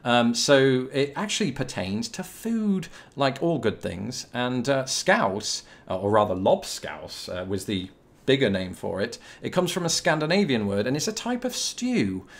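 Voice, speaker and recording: Young British man, host of a casual to-camera Q&A; mid-pitched, chatty and rambling, dry self-deprecating wit. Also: very animated, measured pace. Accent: British English. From Britain. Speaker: YouTube host answering viewer questions.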